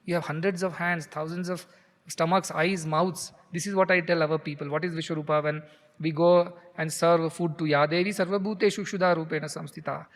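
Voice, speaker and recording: A man's voice: a little high, steady tone, a little fast. A man teaching in a spiritual discourse, chanting Sanskrit verses and then explaining them line by line. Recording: hall reverb.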